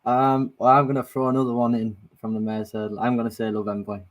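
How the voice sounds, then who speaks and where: A man's voice: medium pitch, level tone, quick pace. A man who rides as a jockey, earnestly making his case in a casual racing panel.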